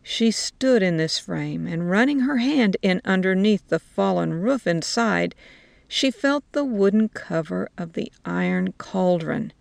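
A woman narrating a story in a slow, measured way. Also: fairly low pitch, animated, gravelly, no room sound.

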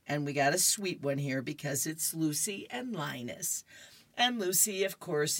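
A woman's voice: low voice, fairly bright tone, no room sound. A woman radio reader cheerfully reading comic strips aloud to listeners. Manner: cheerful, laughs between strips.

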